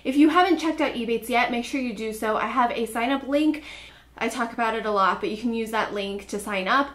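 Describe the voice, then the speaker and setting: A woman's voice: fairly high pitch, fairly quick, fairly bright tone. A young adult woman hosting a casual makeup haul vlog, chatty and upbeat, often saying "like". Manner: chatty, upbeat, filler-heavy with frequent "like". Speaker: beauty vlogger.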